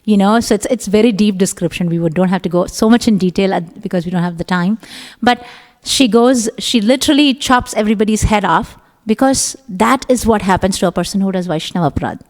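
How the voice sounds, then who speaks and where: A middle-aged woman giving a scripture class, telling the story in an animated way and acting out the voices of its characters. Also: medium pitch, a little fast. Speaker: class speaker. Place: temple hall. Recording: long hall reverb.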